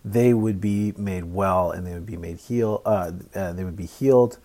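A man preaching a sermon in a conversational, halting way with many restarts. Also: low voice, warm tone. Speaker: pastor.

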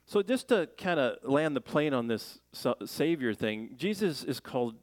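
Animated, joking male preacher. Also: medium pitch, normal speed, no echo. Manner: animated, jokey preaching with playful voices and laughs. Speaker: pastor. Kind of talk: sermon.

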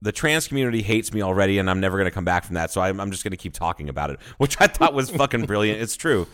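A man from the United States with a lowish voice co-hosts a casual comedy podcast, speaking rapid-fire. He is an animated storyteller who swears freely and laughs often.

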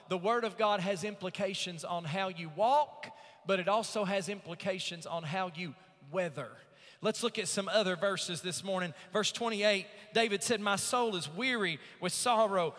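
A male pastor preaching a sermon, drawing out scripture slowly and rising into emphatic swells. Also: high voice, fairly bright tone. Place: church sanctuary. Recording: long reverb of a church sanctuary.

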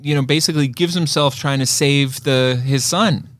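A man co-hosting a casual podcast chat, relaxed and quick to agree. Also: medium pitch. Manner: laid-back, lots of quick agreeing. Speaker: podcast co-host.

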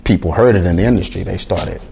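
Man, middle-aged, low voice, gravelly, lively storyteller, performs quoted dialogue. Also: fast, faint music behind. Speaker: music producer, guest. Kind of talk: storytelling in a conversation.

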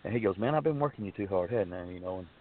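A man's voice: sits low, expressive, rapid-fire. A man earnestly telling a long personal story in a rambling, casual way, full of restarts and fillers. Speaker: guest telling his story. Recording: tinny phone line.

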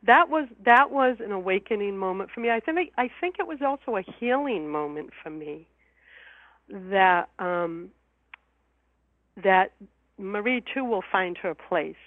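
A woman's voice: medium pitch, lively intonation, a little slow, no echo. A woman guest telling a personal story in an interview, heartfelt and emotional, often repeating her words. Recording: phone line.

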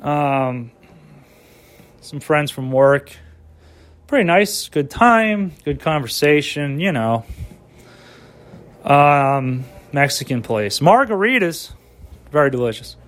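A man talking in his home kitchen, his voice sitting a little high. He rambles loosely, swears freely and chats away to himself as he goes. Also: big pitch swings, slow pace, long pauses, a bit bright. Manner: rambling, profane, talks to himself. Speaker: vlogger and amateur stand-up comic. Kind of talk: rambling casual monologue.

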